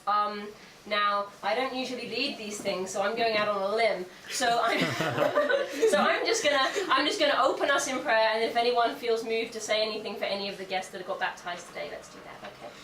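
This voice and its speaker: A woman's voice: fairly high pitch, expressive, brisk, hardly any pauses. Hesitant woman starting a group prayer. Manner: informal, hesitant, with many fillers. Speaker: group member leading prayer. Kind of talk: casual spoken introduction to prayer. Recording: echoey room, mic far off, noisy.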